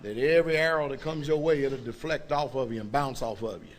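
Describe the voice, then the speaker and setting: A man's voice: mid-range voice, steady tone, a little fast. A man, a pastor, preaching a sermon in an emphatic, colloquial way and checking in often with his congregation. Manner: colloquial, informal speech.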